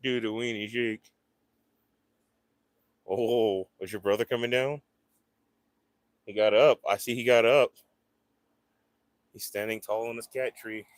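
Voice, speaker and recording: Chill dude on a morning stream talking to chat and his pets, slow, dry sound. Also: mid-range voice, fairly even intonation, no echo. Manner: rambling, chats with viewers and coos at pets. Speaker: livestream host. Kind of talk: casual livestream chat.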